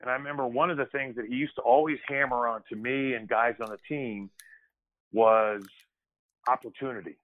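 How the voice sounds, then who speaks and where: A man's voice: medium pitch, steady tone, moderate pace. A man spins easygoing stories from his playing days, talking loosely and circling back on himself mid-sentence. His voice sits in a middling range, and it arrives through a thin, phone-like line. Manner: conversational, loose, frequent restarts and "kid". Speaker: guest, former pro basketball player. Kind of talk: casual storytelling interview.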